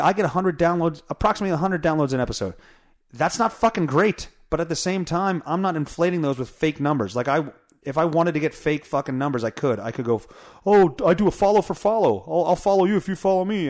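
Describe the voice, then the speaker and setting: Man, podcast host, casual rant, swears a lot, self-mocking, slightly higher voice, home mic with pop filter. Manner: blunt, profane, self-mocking. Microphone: studio mic with pop filter through a mixer.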